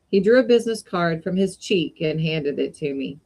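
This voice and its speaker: A woman reading a classic short story aloud in an unhurried way, with brief casual asides. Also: low voice, animated, a little mellow. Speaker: reader of short stories.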